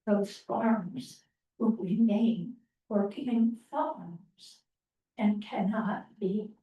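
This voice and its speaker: A woman presenting to a town planning meeting, speaking slowly with many pauses and ums. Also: mid-range voice. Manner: slow, halting, many ums. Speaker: open space committee presenter. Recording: roomy, distant, muffled meeting audio.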